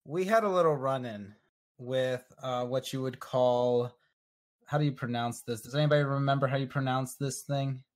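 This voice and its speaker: A man's voice: mid-range voice, normal speed, a little mellow. A man playing in a tabletop game, speaking casually and matter-of-factly in character and out. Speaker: player. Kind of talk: tabletop role-play chat.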